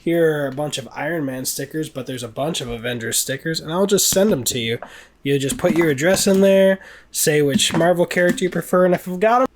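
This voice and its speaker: A man co-hosting a casual movie podcast, talking in a lively, animated way and laughing often. His voice sits a little higher than most men's. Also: fairly quick, slight background noise. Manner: animated, laughs often, loud put-on voices when retelling sketches. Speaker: podcast co-host.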